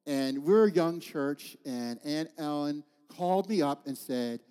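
Brief: male pastor, 50s, slightly high voice, heartfelt storytelling sermon, long hall reverb. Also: animated, measured pace, mellow, clean tone. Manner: heartfelt storytelling with call-outs to the congregation. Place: church.

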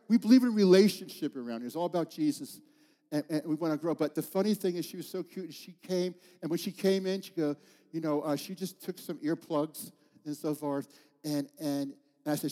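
Brief: male pastor, 50s, slightly high voice, heartfelt storytelling sermon, long hall reverb. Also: darkish tone. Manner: heartfelt storytelling with call-outs to the congregation. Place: church.

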